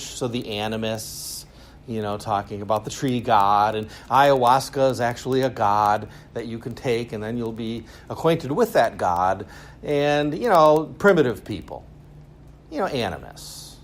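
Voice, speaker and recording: Male lecturer with a mid-range voice: informal, wry and sarcastic, prone to lively tangents. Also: mid-range voice, moderate pace. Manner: casual, sarcastic, animated asides. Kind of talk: university lecture. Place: school lecture room.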